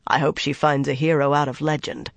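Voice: mid-range voice, flat delivery, a little fast, gravelly, dry recording, close to an everyday voice. A narrator doing a firm young woman leader. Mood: urgent. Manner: firm, urgent.

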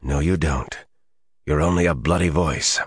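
A young male hero, voiced by a man, quiet and restrained, keeping his anger tightly held in. His voice sits deep and low in a dry, close audiobook reading. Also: a little slow, slightly rough, no room sound, exaggerated voice.

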